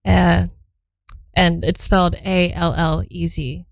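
Young woman radio DJ, slightly low voice, dry studio mic, rambling friendly links between tracks. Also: level tone, takes it slowly, gravelly, no room sound, low-quality recording. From Belgium. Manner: chatty, thinks aloud, reads info for the first time. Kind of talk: casual radio chat between songs.

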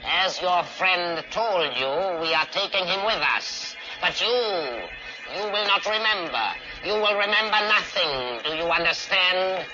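An actor playing a cold, menacing alien intelligence that speaks through a man's body, in an old-time radio drama. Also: high voice. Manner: slow, flat, menacing. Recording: muffled old radio recording with music.

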